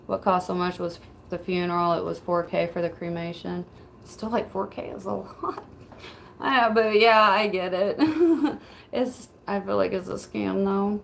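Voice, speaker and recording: A woman's voice: medium pitch, steady tone, normal speed, vocal fry, slight background noise, low-quality recording. A woman streamer in casual livestream chat, laid-back, swearing freely and laughing often as she reads messages.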